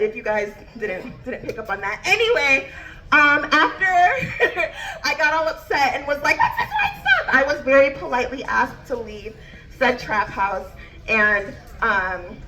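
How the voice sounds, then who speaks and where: A woman's voice: fairly high pitch, bright, forceful tone. A woman comedian telling a standup story, bubbly and laughing as she goes.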